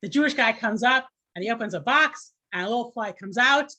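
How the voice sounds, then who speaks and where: A woman's voice: a little high, lively intonation, fairly quick, bright, forceful tone. A woman teaching an informal class, chatty and conversational, with many fillers and restarts.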